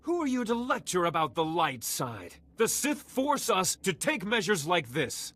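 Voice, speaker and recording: A self-righteous Jedi knight, with a fairly high voice that leaps around expressively in pitch. He argues in a combative, zealous way. He sounds like a fighter from a video game. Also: wildly swooping pitch, a little slow, sharp tone, full character voice.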